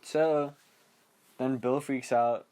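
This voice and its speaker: A man's voice: medium pitch, steady tone, drawn-out words, mellow. A young man hosting a podcast, casually recapping a horror movie in a rambling, giggly way and acting out the characters' lines. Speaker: podcast host.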